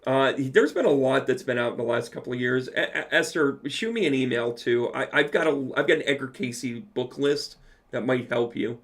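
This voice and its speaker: A man acting as a medium hosts a casual livestream Q&A, reading viewer comments aloud and answering them with playful asides. His mid-range voice moves at a moderate pace and has a fairly bright tone.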